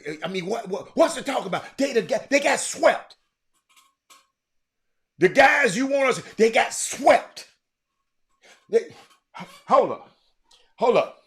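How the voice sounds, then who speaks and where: A middle-aged man hosts a casual live show and talks straight to his viewers. His voice sits high and swings widely up and down. He teases, stacks up repeated words and bursts into shouts. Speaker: show host.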